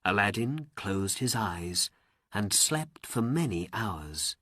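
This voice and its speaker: A man narrating a story for learners in slow, deliberate, expressive storybook narration. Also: on the low side, dry recording, studio quality.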